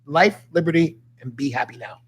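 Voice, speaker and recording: A man talking fast and with energy, telling stories as a motivational guest on a talk show. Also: fairly high pitch, background noise. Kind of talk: casual talk show conversation. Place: studio.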